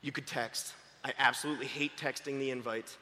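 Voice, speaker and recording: A man giving a motivational sales training talk, fast-talking and excitable, often shouting. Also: medium pitch. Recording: long hall reverb.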